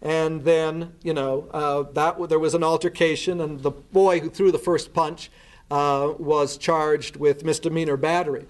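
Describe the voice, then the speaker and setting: A man's voice: a little high, level tone, unhurried. A man giving a talk, earnestly recounting events step by step and restarting his words as he goes. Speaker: speaker recounting a case. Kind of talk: spoken storytelling talk.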